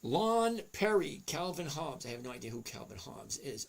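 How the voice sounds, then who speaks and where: A man with a gravelly, slightly high voice chats casually on a livestream. He reads out viewers' names and answers them, talking to himself as he checks figures. His delivery is loose and conversational. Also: sing-song, normal speed, hardly any pauses. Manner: chatty, reads chat names aloud, talks to himself over charts. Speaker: livestream host answering chat.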